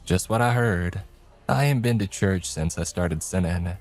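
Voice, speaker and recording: A man's voice: low voice, a little slow, soft background music. A man voicing a folksy, wisecracking diner owner with slangy, teasing talk.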